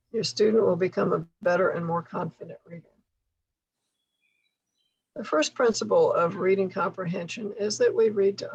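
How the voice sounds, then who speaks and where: A woman leading a tutor training workshop, explaining things patiently with occasional soft laughs. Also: medium pitch, vocal fry, husky, poor audio. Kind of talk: workshop instruction.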